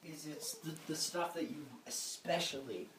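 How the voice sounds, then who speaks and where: A young man, sick with a cold, rambles through a casual podcast chat in a fairly high voice. He cracks dry jokes at his own expense. He is recorded on a phone lying on a table, with a faint hiss behind him. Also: moderate pace, echoey room. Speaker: podcast co-host. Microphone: phone laid on a table.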